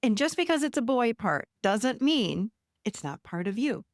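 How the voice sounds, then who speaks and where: Chatty woman with vocal fry. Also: a little high, big pitch swings, moderate pace, dry recording, studio quality. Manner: chatty, addresses listeners as "you guys". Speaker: podcast host and therapist. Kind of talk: casual storytelling monologue.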